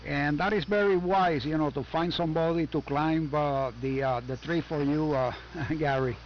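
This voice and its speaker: An older man from Puerto Rico with a Puerto Rican Spanish accent, chatting on ham radio from his basement in a friendly, halting way, full of "uh" and "you know". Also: fairly high pitch, steady tone. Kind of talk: casual on-air radio chat. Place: home basement. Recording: muffled amateur radio audio, faint static.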